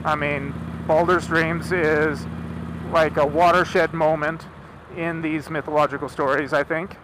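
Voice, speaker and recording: A man retells an old myth in a loose, chatty way, full of asides, while sitting in a car. He speaks slowly with a slightly high voice. A steady engine drone fills the background. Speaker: storyteller. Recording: car engine noise behind.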